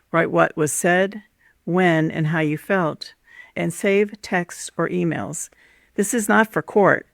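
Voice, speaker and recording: A woman host with a deep voice and gravelly fry gives a scripted teaching monologue on relationships, calm and measured as she walks through numbered points one at a time. The recording is close and dry, with no echo or room sound.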